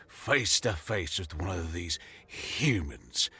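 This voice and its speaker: A man's voice: mid-range voice, animated, normal speed, a bit bright, slightly rough. A man voicing a boastful, three-armed male alien mercenary who slurs his swaggering bar story. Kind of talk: scripted audio story.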